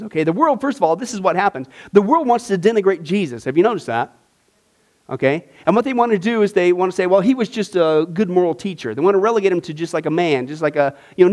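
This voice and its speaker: Man, very high voice, lively Bible-class teacher, energetic and chatty. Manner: animated, enthusiastic preacher-style teaching with asides to class. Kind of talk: discipleship class lecture.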